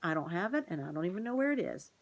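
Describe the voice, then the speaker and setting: A woman's voice: on the low side, big pitch swings, quick pace. A stubborn young boy, voiced by a woman reading aloud answers in a plain, reluctant voice. He sounds wary and digs in his heels. It suits a children's storybook.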